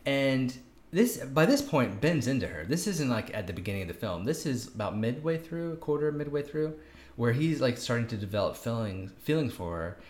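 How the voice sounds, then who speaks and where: Animated co-host in a roomy space. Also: medium pitch, moderate pace. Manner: animated, jokey asides, acts out quotes. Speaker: podcast co-host. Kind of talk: casual chat reviewing a film. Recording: roomy echo.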